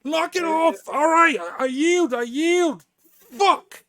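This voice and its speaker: A man's voice: lively intonation, slow pace, crowd noise, heavily acted. A battered bandit voiced by a man curses in a raised, strained voice and pleads to be spared. He sounds beaten and furious at once. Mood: pleading angry. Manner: swearing, pleading, high and loud. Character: injured defeated male bandit, cursing.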